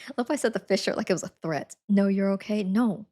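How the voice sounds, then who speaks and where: A woman's voice: mid-range voice, quick pace, mellow. Giggly chatty woman streamer. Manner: chatty, giggly, reads and answers chat while packing. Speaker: livestreamer. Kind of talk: casual live-stream chat.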